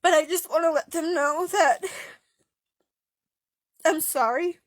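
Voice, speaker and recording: A young woman telling a personal story through tears, halting and stopping often with fillers and pauses. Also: very high-pitched, fairly even intonation, no room sound. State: tearful, voice breaking. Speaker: author sharing a personal story. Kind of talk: emotional personal testimony.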